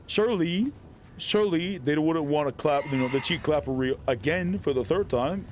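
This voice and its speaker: A man streaming an online game, excitedly teasing and talking to the characters on screen. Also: fairly high pitch, brisk, a little hiss or hum. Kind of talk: casual gameplay commentary.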